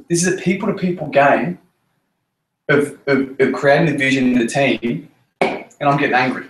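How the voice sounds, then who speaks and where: In an echoey meeting room, a man who leads a network marketing team gives his people a blunt pep talk full of swearing. His voice is mid-range and his delivery brisk, hammering ideas through repetition and punchy stress.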